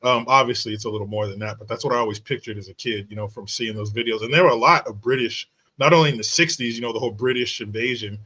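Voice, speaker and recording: A man's voice: medium pitch, quick pace, few pauses, bright, forceful tone. A man hosting a casual interview, chatty and meandering as he sets up long questions. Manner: chatty, meandering, many fillers. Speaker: podcast host.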